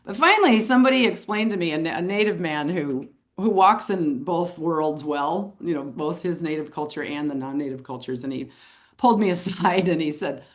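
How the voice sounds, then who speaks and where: A woman with a fairly low voice who tells her story in a lively, animated way. She is middle-aged and speaks as an interview guest, chuckling now and then as she talks. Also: normal speed. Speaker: photographer and author, interview guest.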